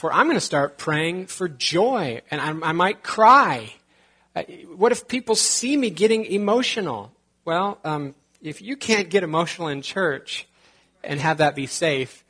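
A man's voice: fairly high pitch, bright, forceful tone, breathy edge. Casual joking male pastor preaching. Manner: conversational, joking asides. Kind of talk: sermon.

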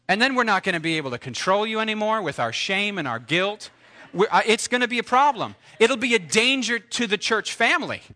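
A man preaching with a high, bright, ringing voice. He teases his listeners with ironic warnings, then lifts into exclaimed peaks before dropping to quiet asides. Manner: dynamic, swings from hushed asides to exclaimed highs. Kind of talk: sermon.

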